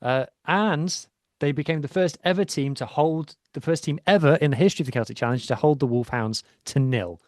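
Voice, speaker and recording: Speaking with a darkish, somewhat high voice at a brisk clip, a male podcast co-host gushes about rugby at length in casual sports chat. He rambles with many ums, and the studio-quality recording has no room sound.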